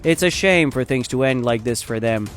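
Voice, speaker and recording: A man voicing a calm, courteous male angel attendant in a fan storybook narration. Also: medium pitch, normal speed, soft background music, lightly acted. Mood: composed. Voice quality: courteous, formal.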